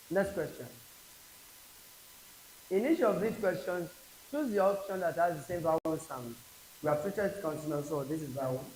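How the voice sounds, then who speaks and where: Slow, drilling Nigerian tutor man. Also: a little high, a little mellow. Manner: slow, repeats each word aloud for drilling. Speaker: English tutor. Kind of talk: exam prep class lecture. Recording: echoey classroom with faint hiss.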